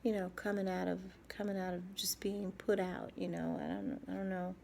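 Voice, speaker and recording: A woman speaking in a halting, soft personal video diary, often dropping to a whisper and repeating herself as she searches for words. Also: fairly low pitch, flat delivery, gravelly, a little hiss or hum. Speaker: vlogger.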